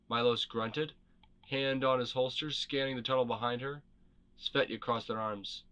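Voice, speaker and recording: Bright-voiced male storybook narrator. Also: medium pitch, steady tone, normal speed. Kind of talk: storybook narration of game lore.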